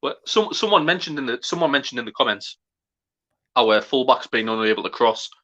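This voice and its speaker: A man co-hosting a live football watchalong, sweary and excitable. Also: mid-range voice, brisk. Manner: sweary, excitable, shouts at goals. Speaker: fan co-host.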